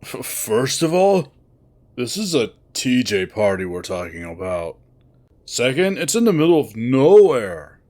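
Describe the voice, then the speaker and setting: A man's voice: mid-range voice, very animated, unhurried, darkish tone. A man voicing a young male furry slacker in a visual novel, talking in a sarcastic, drawling, exasperated way. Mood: wry.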